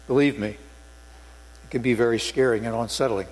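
A man's voice: mid-range voice, steady tone, normal speed, darkish tone. An older man, a former police sergeant, preaching a sermon in a church sanctuary with earnest storytelling and emphatic stresses. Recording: long hall reverb with mains hum.

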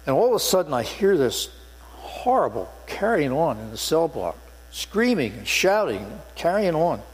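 A man's voice: fairly high pitch, very animated, moderate pace. An older man, a former police sergeant, preaching a sermon in a church sanctuary with earnest storytelling and emphatic stresses. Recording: long hall reverb with mains hum.

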